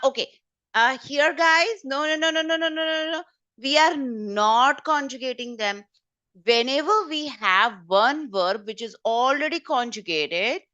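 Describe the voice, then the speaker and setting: A woman teaching French vocabulary in an online exam-prep class, brisk and corrective, often repeating key points. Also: on the high side, fairly bright tone, dry recording, muffled recording. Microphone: video call.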